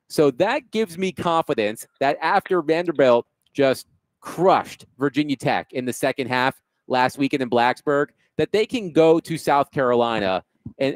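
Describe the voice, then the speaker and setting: A male sports radio host with a fairly high voice lays out his reasoning before he asks his guest a question. The recording is dry and close-miked. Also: dry recording. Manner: builds a point before asking a question.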